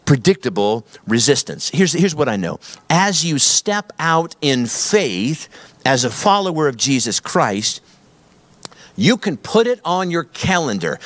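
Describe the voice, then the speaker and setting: A man's voice: a little high, fairly bright tone, no echo. A middle-aged man, a pastor preaching a sermon in an emphatic, repetitive storytelling manner.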